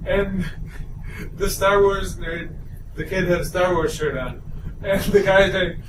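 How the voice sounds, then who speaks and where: A man's voice: sits high, slow pace. A man co-hosting a casual podcast, telling a rambling story and laughing often. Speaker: podcast co-host. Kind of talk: casual chat. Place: hotel room at a convention. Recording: echoey room, mic at a distance, noisy.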